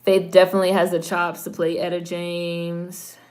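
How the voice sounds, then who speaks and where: A woman's voice: lowish voice, completely flat delivery, normal speed, darkish tone. A woman hosting a casual watch-along of a film, commenting bluntly and swearing freely. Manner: blunt, profane, talks back at the screen. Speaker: host reacting to a film.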